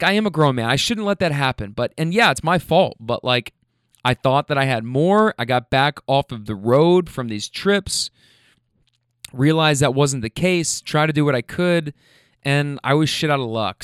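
A man's voice: fairly high pitch, clear, resonant tone, dry recording, clean studio sound. A young man ranting in a profane, self-deprecating casual monologue. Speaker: storyteller.

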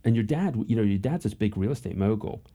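A man's voice: fairly low pitch, expressive, fast talker, mellow. A man hosting a casual interview, talking bluntly and swearing freely. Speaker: host.

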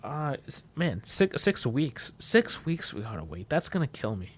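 A man co-hosting a casual podcast, talking in an animated way that jumps loud and high when he gets excited. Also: measured pace. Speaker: podcast co-host.

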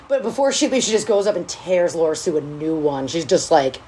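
A woman talks through a book in loose, profane chat and keeps slipping into voices for the characters. Her pitch leaps around in wide swings, and a faint hum sits under the recording. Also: normal speed. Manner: animated, profane, acts out characters in quotes. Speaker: podcast co-host. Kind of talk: casual book-club chat.

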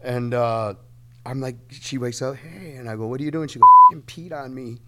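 A man's voice: medium pitch, moderate pace, a little hiss or hum. A man in a band, guesting on a podcast and telling a rowdy tour story with lots of swearing and laughter. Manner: animated, swearing, laughing through his story. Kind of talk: storytelling in casual chat.

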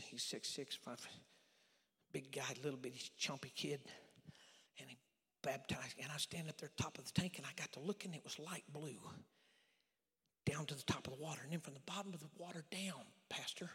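A middle-aged evangelist telling a personal testimony in a sermon, dropping to near-whispers and then building to shouting. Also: male voice, a little high. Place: large church sanctuary. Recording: long hall reverb.

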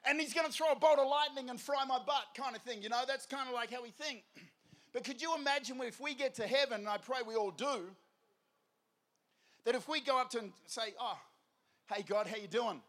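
A man delivers an evangelistic sermon in a fairly high voice. His delivery is energetic and conversational. He keeps putting rhetorical questions to his listeners. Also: brisk. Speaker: preacher.

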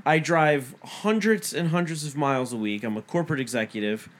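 A man's voice: mid-range voice, a little fast. A man in his thirties, a podcast co-host, telling a story in casual chat, swearing often and acting out both sides of the dialogue. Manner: profane, animated retelling with quoted dialogue.

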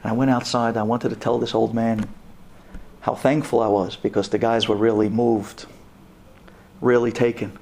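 A man, a rabbi, telling a story to an audience, animated and dramatic, sprinkling in Hebrew terms. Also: normal speed, vocal fry, pauses often. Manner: animated, voice jumps up high for dramatic moments.

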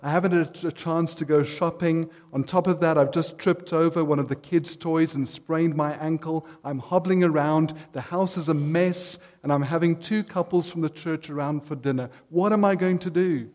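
A man's voice: on the high side, steady tone, moderate pace, hardly any pauses, darkish tone, in a large hall, close to an everyday voice. A man voicing an overwhelmed, frazzled young mother as she pours out her troubles in a joke. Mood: frantic.

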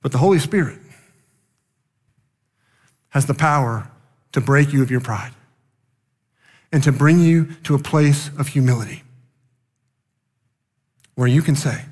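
A male pastor preaching a sermon with passion, rising loud and then dropping quiet. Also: mid-range voice, a little slow, long pauses, big-room sound.

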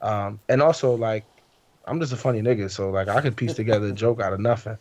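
A man's voice: lowish voice, quick pace, darkish tone, no room sound. A man co-hosting a podcast in casual banter, laid-back and rambling, often asking "you know what I'm saying". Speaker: podcast co-host.

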